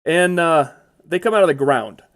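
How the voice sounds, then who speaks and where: A man's voice: fairly high pitch, expressive, moderate pace. A man giving casual, chatty commentary over his own gameplay, blurting out exclamations when startled.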